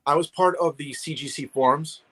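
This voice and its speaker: A man's voice: on the high side, a little fast, a bit bright, slightly rough, rough recording. Rambling New man on a call. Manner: rambling, many restarts and fillers. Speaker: guest collector. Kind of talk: casual chat.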